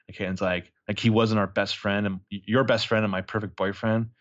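A man chatting casually on a podcast, retelling a TV episode scene by scene. He keeps jumping into the characters' lines with animated put-on voices. His voice sits on the low side and the recording sounds a little dull. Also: fast, hardly any pauses. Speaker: podcast co-host recapping a TV episode.

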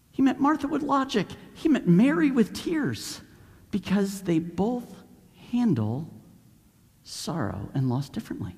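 A man preaching a sermon in an animated way, acting out the voices of the people in the story. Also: very high voice, moderate pace, in a large hall. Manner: animated, acts out voices of Bible figures.

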